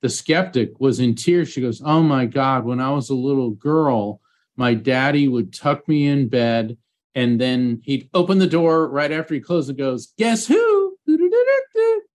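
Man telling lively anecdotes. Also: medium pitch, unhurried. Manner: animated anecdotes with acted quotes. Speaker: guest psychic medium. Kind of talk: storytelling interview.

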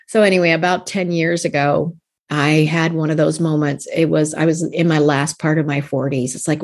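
A woman's voice: low-pitched, steady tone, moderate pace. Earnest woman coach in her fifties. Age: 50s. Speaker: life coach guest. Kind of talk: casual podcast interview.

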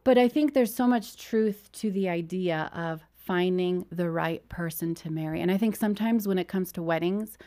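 A woman who is a counselor, a guest in an interview, telling stories and giving measured advice. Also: fairly low pitch, mellow. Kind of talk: conversational interview.

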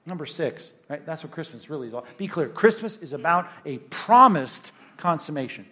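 A man delivering a sermon, his voice sitting a little higher than most men's. He preaches emphatically but keeps it conversational, checking in with the congregation with frequent "right?" asides. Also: expressive, normal speed, bright, forceful tone. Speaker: pastor.

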